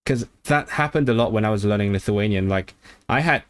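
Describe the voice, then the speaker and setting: A man chatting casually on a livestream about learning languages, thinking aloud with lots of restarts and quick bursts of excitement. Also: on the low side, dry recording.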